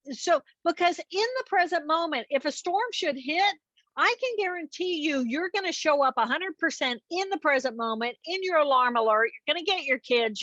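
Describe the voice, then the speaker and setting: A woman's voice: high-pitched, fairly bright tone, no room sound, lo-fi sound. A woman guest expert explaining in an earnest, teaching way with step-by-step examples. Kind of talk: explanatory interview talk.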